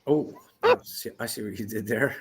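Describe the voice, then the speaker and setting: A man's voice: fairly low pitch, moderate pace, creaky. A man hosting a podcast in loose, profane casual chat, laughing often. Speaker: podcast host.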